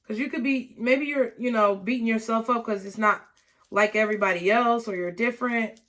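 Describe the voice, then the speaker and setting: Fairly quick and a bit bright, her somewhat high voice carries a casual, encouraging tarot reading for viewers. She tends to repeat words and tucks in lots of "okay?" check-ins.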